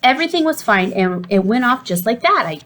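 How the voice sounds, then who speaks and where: A woman's voice: fairly high pitch, sing-song, fairly quick, a bit bright. A woman voicing a tired, easygoing middle-aged father who mumbles in a mild, offhand way in a storybook reading.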